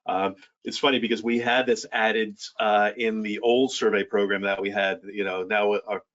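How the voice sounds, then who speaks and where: Low-voiced man rambling through a software demo. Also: level tone, normal speed. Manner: rambling, many fillers and restarts. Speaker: software presenter. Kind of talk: casual product walkthrough. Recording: dull lo-fi sound.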